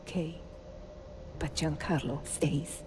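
An actress playing a fierce young female resistance fighter and former nurse in a video game cutscene, going from low, threatening hushes to angry outbursts. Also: steady tone, slow, noisy background. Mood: resolved.

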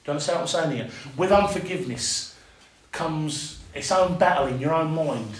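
Man, preacher, sermon, impassioned, fairly high voice, echoey room. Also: moderate pace. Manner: earnest, rising to impassioned, with everyday dialect grammar.

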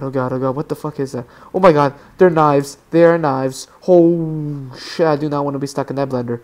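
A man giving excitable gaming commentary, swearing freely and breaking into yelps and screams. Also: on the high side, normal speed, hardly any pauses. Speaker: let's play gamer.

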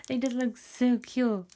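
A woman's voice: on the high side, warm tone, slight background noise. Woman gushing over craft goodies, gasps a lot, bit of paper crinkle in the back. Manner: gushing, gasping with delight. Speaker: craft vlogger. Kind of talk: casual unboxing chat.

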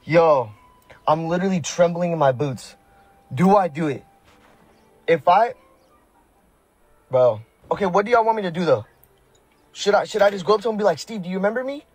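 A man's voice: fairly high pitch, lively intonation, moderate pace, pauses often, slightly rough, dry recording, soft background music. A young man from the Sacramento area, talking to his live-stream chat in slang. He sounds nervous, and he keeps swearing oaths. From Sacramento area, California. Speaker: prank video maker streaming live.

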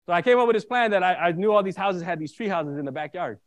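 A man preaching a sermon, telling a personal story in an animated way and often checking in with his listeners. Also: high-pitched, quick pace. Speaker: minister.

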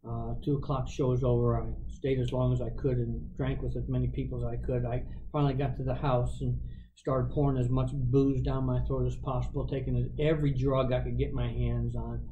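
An older man, a guest preacher, telling his testimony with animated storytelling and acting out the voices in it. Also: medium pitch, fairly quick, recorded from a distance, highs cut off, background noise.

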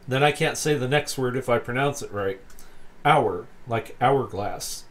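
A man slowly reading articles aloud for a video, stumbling over words and adding amused asides. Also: medium pitch. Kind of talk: casual read-aloud commentary.

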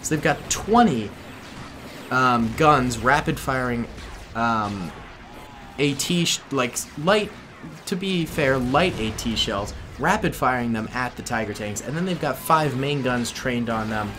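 A man giving casual gameplay commentary, chatty and excitable, laughing often. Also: medium pitch, measured pace, a little hiss or hum. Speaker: gaming YouTuber.

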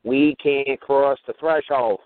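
A man hosting a call-in radio show, talking rapidly and mockingly and acting out the people he quotes. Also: mid-range voice, steady tone, no echo. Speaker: host. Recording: tinny phone-like radio audio.

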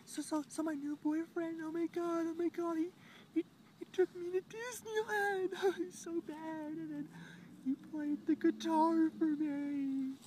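Man putting on a whiny young woman, shrill cracking falsetto, sobbing gushes, sarcastic vlog mockery. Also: fairly even intonation, a little slow, darkish tone, a little hiss or hum, low-quality recording. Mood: gushing, whining. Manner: sobbing and whining between gushes. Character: gushing, weepy young woman mocking an ex.

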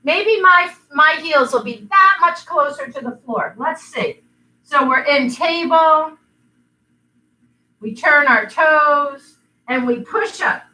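A woman guides children through yoga poses in a bright, high voice, teasing them with silly animal noises. She speaks slowly and patiently, and the sound comes from across an echoey room, far from the mic. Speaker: kids' yoga instructor.

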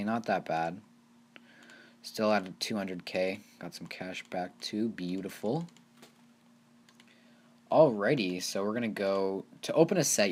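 Low-voiced man giving rambling game commentary. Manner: rambling, easily excited, talks to viewers as "you guys". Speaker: gaming channel host. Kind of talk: casual gameplay commentary.

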